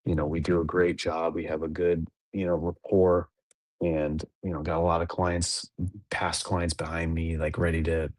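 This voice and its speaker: A man's voice: low-pitched, no echo. A man in his thirties, a podcast co-host, talking casually in a rambling, laid-back way with lots of fillers and restarts. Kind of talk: casual chat.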